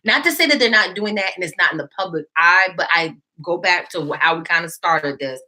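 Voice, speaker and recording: A woman hosting a podcast in casual chat, animated and quick to laugh. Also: fairly low pitch. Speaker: podcast host.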